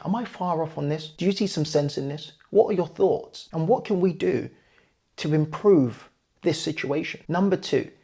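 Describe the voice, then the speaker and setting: A man with a gravelly, husky voice explains numbers to his viewers in an earnest, emphatic way. His tone is mellow and sits a little high for a man. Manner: earnest, emphatic with figures, addresses viewers directly. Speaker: property investor and channel host. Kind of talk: explanatory talk to camera.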